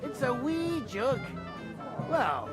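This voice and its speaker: An actor playing a rowdy, hard-drinking Moravian man with a Scottish accent, gruff, blunt and swearing, in a video game. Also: extremely high pitch, big pitch swings, very slow, over loud music, exaggerated voice.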